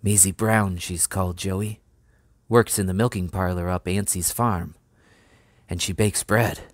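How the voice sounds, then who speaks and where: A man voicing a soft-spoken young soldier lad. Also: deep voice, fairly even intonation, measured pace, dry recording, clean studio sound. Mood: fond. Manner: soft, gentle, talking fondly to a horse. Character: gentle young English farm lad soldier.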